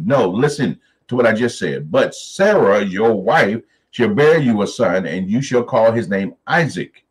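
A man leading a Bible study, reading scripture aloud slowly and then riffing on it in a lively, preacherly way. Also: medium pitch, poor audio.

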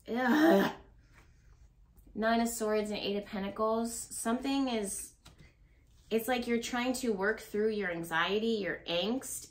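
A woman reads tarot cards for her viewers in a loose, rambling way. Her talk is blunt and peppered with swearing and nervous laughter. Her voice sits at an ordinary middle pitch, and the room around her carries a noticeable echo. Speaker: tarot reader. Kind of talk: casual tarot reading to camera. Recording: roomy echo.

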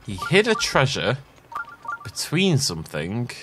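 A man's voice: mid-range voice, huge pitch swings, measured pace, music in the background. A man chatting casually while playing a game, rambling and self-deprecating. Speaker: let's play host. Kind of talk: casual gameplay commentary.

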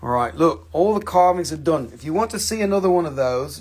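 A man's voice: on the high side, lively intonation, fairly quick, few pauses, slight background noise. A man hosting a casual live sale, rambling and joking, swearing freely as he shows his pieces. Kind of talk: casual live sales stream.

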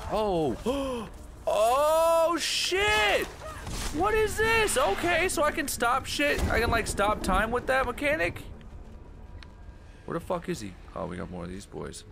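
A man's voice: extremely high pitch, creaky, noisy background. Swearing, flustered man playing a game. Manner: profane, flustered, exclaiming at the game. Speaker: gaming channel host. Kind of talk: live gameplay commentary.

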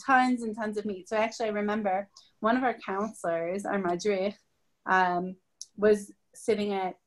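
A woman's voice: mid-range voice, fairly even intonation, moderate pace. A woman in her thirties, a podcast co-host and dating coach, chatting casually with frequent laughter. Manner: chatty, laughs often, reflective asides. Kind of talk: casual conversation.

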